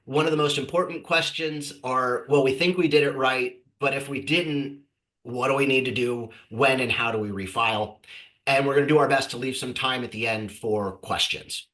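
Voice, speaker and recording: A man's voice: mid-range voice, moderate pace, a bit bright, echoey room, rough recording. A man hosting a webinar, upbeat and conversational, his voice nasal and congested from a cold. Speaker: host and company president. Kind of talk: webinar presentation.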